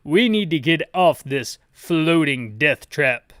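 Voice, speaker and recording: A soldier shouts urgent radio calls for a helicopter, as a man acts him out. His voice is loud and pushed, in a tight, dry sound. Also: fairly high pitch, animated, takes it slowly, smooth, dry recording. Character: gruff male soldier calling for rescue.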